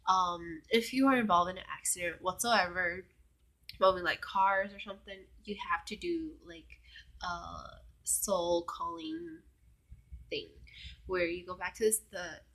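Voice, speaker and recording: A woman's voice: fairly low pitch, a little slow, fairly bright tone. A young woman telling a personal story in a casual vlog, chatty and full of fillers, sometimes dropping to a whisper. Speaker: vlogger.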